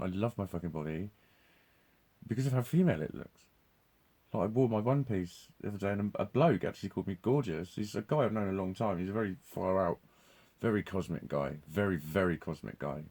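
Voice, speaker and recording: Low, mellow-voiced man. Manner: swears constantly, laughs often, restarts sentences. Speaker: vlogger. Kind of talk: rambling live monologue.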